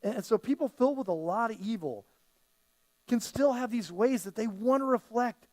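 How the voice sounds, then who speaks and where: Higher-voiced man preaching conversationally. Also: expressive, normal speed, a little mellow. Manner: conversational preaching that often acts out quoted voices. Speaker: pastor. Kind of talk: sermon.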